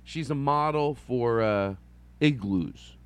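A man's voice: medium pitch, slow, clean tone. A middle-aged man hosting a solo podcast, rambling and self-mocking, often slipping into playful silly voices. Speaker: podcast host.

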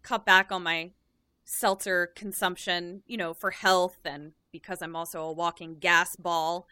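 A woman's voice: fairly low pitch, fairly even intonation, measured pace, bright, forceful tone, clear, resonant tone, no echo. A woman co-hosting a comedy podcast, chatting playfully with lots of fillers. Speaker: podcast co-host. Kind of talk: casual chat.

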